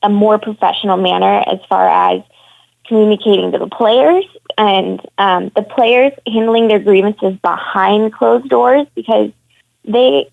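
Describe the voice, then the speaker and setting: A woman phones in to give her views on women's hockey, frank and clearly fed up. Her voice has a gravelly, creaky edge, and it comes through a thin, tinny phone line. The sound is dry and close, with no room around it. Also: medium pitch, unhurried, dry recording. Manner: frank, frustrated and opinionated. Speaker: caller, women's hockey reporter. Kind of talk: phone-in discussion.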